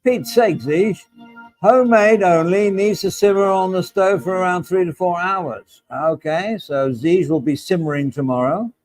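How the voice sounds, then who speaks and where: On a casual livestream, a middle-aged man reads out chat and teases viewers by name in a chatty, jokey way. His voice sits high with a darkish tone and a measured pace, over faint background music and poor audio.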